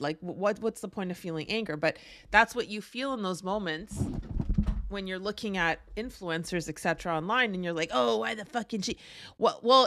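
A woman's voice: medium pitch, fairly bright tone, no echo. Young woman podcast host, blunt motivational coach voice, swears freely, close dry mic. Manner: blunt, profane, emphatic coaching.

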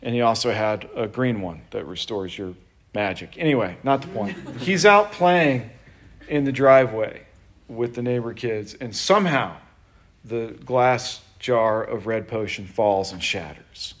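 A man's voice: on the low side, a little slow. A middle-aged man preaching a sermon in a conversational way, joking with the congregation and acting out quotes. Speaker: pastor.

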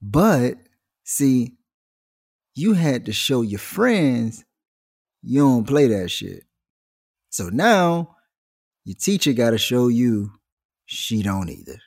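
A man delivering a slangy comic monologue, telling stories and slipping into quick voices. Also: medium pitch. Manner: animated slangy storytelling, jumps into voices. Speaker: comedian. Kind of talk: stand-up style comic monologue.

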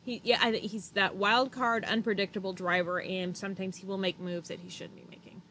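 A woman's voice: mid-range voice, flat delivery, a little fast, fairly bright tone, a little hiss or hum. A woman co-hosting a casual podcast chat, talking freely, swearing and acting out what others said. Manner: chatty, swears, acts out drivers' lines. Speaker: podcast co-host. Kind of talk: casual chat about motor racing.

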